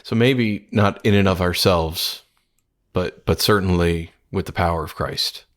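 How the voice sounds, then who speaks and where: Low-voiced guy co-hosting a faith podcast, earnest, lots of restarts. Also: measured pace, fairly bright tone. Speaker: podcast co-host, minister. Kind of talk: casual devotional discussion.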